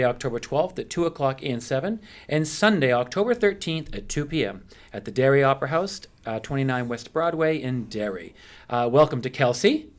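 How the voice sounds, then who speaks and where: A middle-aged man hosting a radio show in a studio, chatting playfully with guests and using many fillers. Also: mid-range voice. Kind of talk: casual radio interview.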